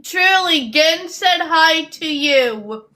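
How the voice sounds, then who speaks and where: A woman chatting on a livestream in a halting, giggly way. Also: very high-pitched, expressive, bright, forceful tone. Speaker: guest on a livestream. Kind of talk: casual chat.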